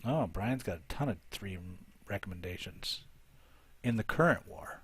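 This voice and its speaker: A man's voice: on the low side, lively intonation, normal speed, fairly bright tone, husky, dry recording. A man hosting a live show, commentating game attack replays and thinking aloud as he looks for each one.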